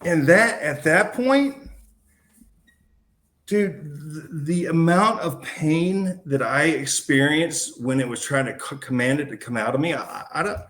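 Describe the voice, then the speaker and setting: A man's voice: on the high side, unhurried, fairly bright tone, slight background noise. A man, a podcast guest, recounting a personal story in a casual, slangy way. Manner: casual and slangy, calling the host man and dude.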